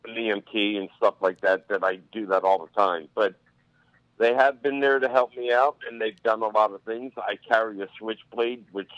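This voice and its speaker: A firefighter and EMT from Northeast Pennsylvania phones in to a show and tells stories in a loose, rambling way. His voice is on the low side and a bit bright, at normal speed, with no echo. It comes through a dull, dry phone line.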